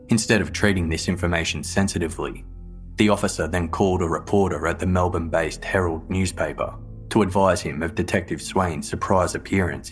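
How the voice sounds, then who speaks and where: A man narrating a true-crime story in a measured, grave, scripted manner. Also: sits low.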